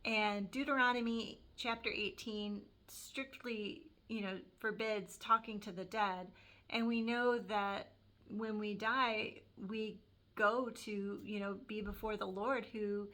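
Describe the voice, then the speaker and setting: A woman giving an earnest, reflective faith testimony, pausing often with fillers as she speaks. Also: mid-range voice, steady tone, pushed and bright. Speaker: Christian vlogger sharing a testimony. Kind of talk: personal faith testimony and scripture reading.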